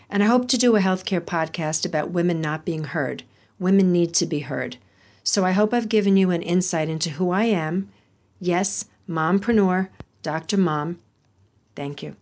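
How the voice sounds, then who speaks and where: A middle-aged woman speaks in an earnest, measured way as she tells a personal story. Her pitch sits in a middle range, and she pauses now and then on an "um" as she reflects. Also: darkish tone. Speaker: doctor and mother sharing her story. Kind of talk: recorded personal story for a podcast.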